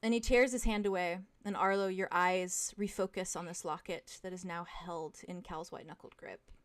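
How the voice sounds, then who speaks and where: A young woman narrating a tabletop game as game master in the second person, in a hushed, dramatic way. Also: on the low side, steady tone, moderate pace.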